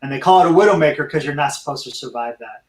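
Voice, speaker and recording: Man, middle-aged, fairly high voice, earnest storyteller, roomy echo. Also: rapid-fire. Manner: earnest, addresses listeners as friends. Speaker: guest, veteran and dog trainer. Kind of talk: storytelling in an interview.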